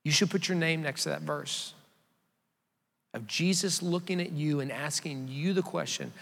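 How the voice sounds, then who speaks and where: A male pastor with a somewhat high, gravelly voice delivers a sermon in a relaxed, conversational way and invites the congregation to answer aloud. His voice carries a long reverb from a large church hall. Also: moderate pace.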